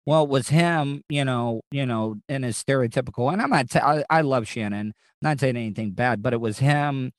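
A man's voice: mid-range voice, normal speed, few pauses, dry recording. Man, casual chat host, rambling stories, swears, dry close sound. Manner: rambling, profane storytelling with many restarts. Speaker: podcast host. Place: Orlando, Florida.

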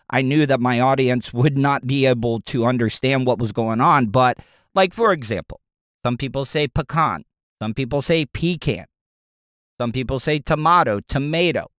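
A man hosting a podcast in a casual, rambling, excitable way, with frequent swearing. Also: mid-range voice, clean tone, no echo, clean studio sound. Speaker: podcast host.

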